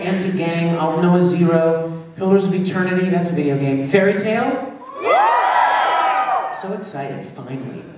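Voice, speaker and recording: This slightly high-voiced man is an animated storyteller at a live convention panel, laughing frequently as he entertains fans. Captured from afar in a big, echoing hall, faint crowd sounds sit underneath.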